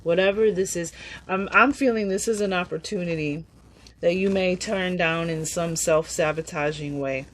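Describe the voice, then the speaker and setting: A woman giving a casual, upbeat tarot reading, chatty and quick to laugh. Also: on the low side, slight background noise, rough recording. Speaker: tarot reader.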